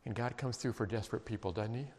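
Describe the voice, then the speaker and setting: A man preaching a sermon, emphatic and emotional, dropping to quiet intense passages. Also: fairly low pitch, quick pace. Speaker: pastor. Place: church sanctuary. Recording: long reverb of a large hall.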